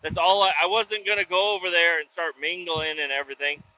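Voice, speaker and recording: Profane rambling man with a bright voice. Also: sits high, level tone, a little fast. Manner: profane, loose, drifting between stories. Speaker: roadside service worker. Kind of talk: casual rambling vlog storytelling. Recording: dull lo-fi sound with faint background ambience.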